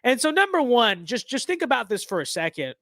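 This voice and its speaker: Blunt young man, stuffy nose, high voice. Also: sing-song, a little fast, a bit bright, dry recording. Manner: blunt, sarcastic, rambling. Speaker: political commentator. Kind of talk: casual political commentary livestream.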